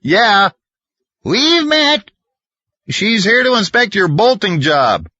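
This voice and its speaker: A man's voice: high-pitched, very animated, slow pace, pushed and bright, no echo, muffled recording, voice pushed up, heavily acted. Man doing a hollering jovial young pastor. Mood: joking. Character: cheerful young male pastor, joking handyman.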